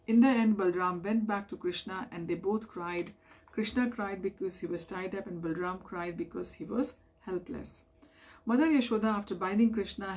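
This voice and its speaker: A woman's voice: fairly low pitch, darkish tone. Woman reading a devotional story aloud. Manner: measured storytelling, raising voice for quoted figures. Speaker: reader of devotional scripture.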